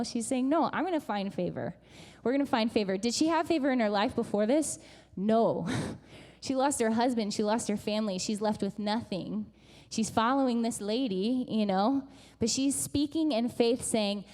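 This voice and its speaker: A woman in her thirties preaching a sermon as pastor, telling stories with lively acted-out voices. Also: mid-range voice. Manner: animated storytelling, acts out voices. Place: church sanctuary. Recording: long church hall reverb.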